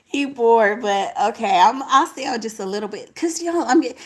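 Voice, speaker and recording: A young woman hosts a late-night livestream alone at home, chatting casually and reading out viewer comments. Her medium-pitched voice is expressive and brisk with hardly any pauses, though she sounds sleepy, tired and crackly, and her talk is slangy.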